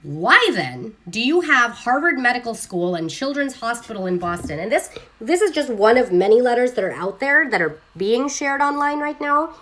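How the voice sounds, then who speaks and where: A woman hosting a casual live stream on her phone, talking in an animated, sarcastic way and mimicking other people's voices. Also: a little high, moderate pace, hardly any pauses. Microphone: phone camera.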